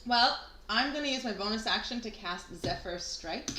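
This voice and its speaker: A woman's voice: mid-range voice, expressive, moderate pace. A woman playing a tabletop game, reading out rules and adding up dice in a matter-of-fact way. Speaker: player. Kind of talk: casual tabletop game play. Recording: echoey room with faint noise.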